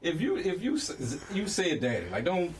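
A man's voice: on the high side, huge pitch swings, normal speed, slight background noise. A married man in casual banter, wry and profane, sometimes reading news items aloud.

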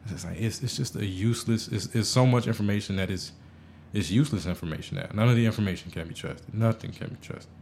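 Male podcast host, very low voice, rambling, stammering, self-deprecating. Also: fast talker, gravelly, a little mellow, a little hiss or hum. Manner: rambling, stammering restarts, frequent swearing. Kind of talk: casual podcast monologue.

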